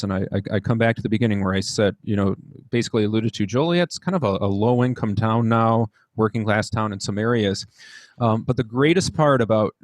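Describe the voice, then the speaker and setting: A young man with a Midwestern American accent, a band director recalling his school days in an interview, earnest and halting with frequent restarts. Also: on the low side, no echo. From United States. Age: young adult. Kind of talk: reflective interview storytelling.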